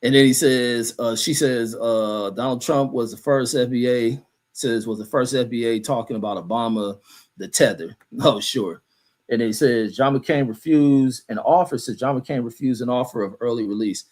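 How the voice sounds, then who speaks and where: A man's voice: medium pitch, normal speed, darkish tone. A man hosting a livestream, reading chat comments aloud and answering them in a heated, profane rant full of fillers.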